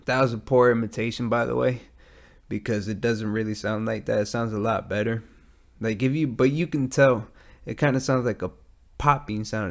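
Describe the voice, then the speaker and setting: Recording solo at night in a metal garage with a studio mic and headphones, an American podcast host chats casually in a mid-range, creaky voice. He speaks at normal speed with fairly even intonation, and his talk is profane, meandering, and self-deprecating.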